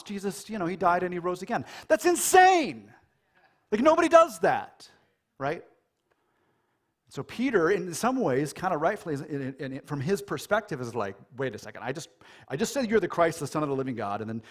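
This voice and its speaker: An American man preaching a sermon in a casual, animated way, joking and acting out quoted lines. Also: sits high. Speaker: pastor. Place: church.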